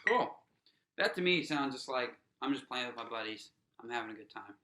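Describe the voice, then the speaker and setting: In an echoing room, an animated, brisk snare drum teacher runs a workshop, counting the group in aloud and encouraging them casually. His bright, forward, mid-pitched voice is peppered with "um," "you know," and restarts.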